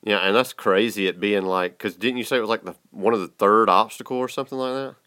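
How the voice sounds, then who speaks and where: Folksy man, low voice. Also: fast, clean tone, dry recording. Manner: relaxed, folksy, says y'all and man. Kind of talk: casual chat.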